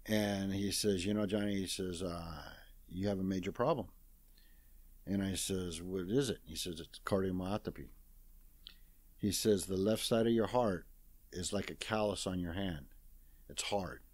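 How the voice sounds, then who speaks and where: A man's voice: deep voice, darkish tone, no echo. A man in his sixties, a guest in an interview, retelling a story casually and plain-spoken, acting out the quoted dialogue. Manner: plain-spoken, folksy retelling full of "I says"; acts out others' lines in quoted dialogue.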